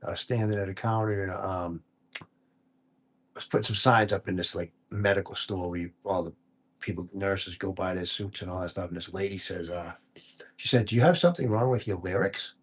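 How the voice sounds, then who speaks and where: A man hosting a live stream in casual chat, telling easygoing stories in a quiet, distinctive voice. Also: fairly even intonation, a little fast, slightly rough. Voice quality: distinctive low voice that people remember. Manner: easygoing, chatty storyteller; talks quietly and is sometimes hard to hear. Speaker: livestream host.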